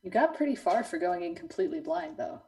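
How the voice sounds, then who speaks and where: A woman's voice: fairly low pitch, very animated, quick pace, a little mellow. Woman, casual stream chat, playful teasing, sits far from the mic. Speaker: co-host watching a game stream.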